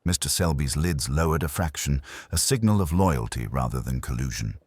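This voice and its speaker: Husky deep-voiced male mystery narrator. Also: no room sound. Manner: measured, expressive storytelling. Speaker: audiobook narrator.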